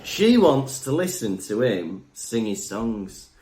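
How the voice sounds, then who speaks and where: A man's voice: fairly low pitch, slow pace. A young man co-hosting a podcast, chatting casually in a jokey, rambling way. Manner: jokey, rambling, lively storytelling. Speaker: podcast co-host. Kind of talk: casual chat.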